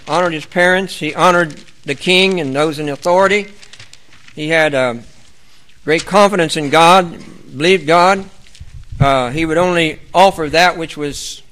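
Bright-voiced man preaching a rambling sermon. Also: fairly high pitch. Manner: earnest, rambling with fillers and restarts, reads scripture aloud.

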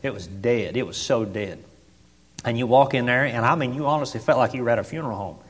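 Male preacher, animated folksy storyteller who drops to a hush then shouts; long church reverb. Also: mid-range voice, quick pace. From Tennessee. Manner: swings from hushed asides to shouted exclamations; folksy, many fillers like "I mean" and "boy".

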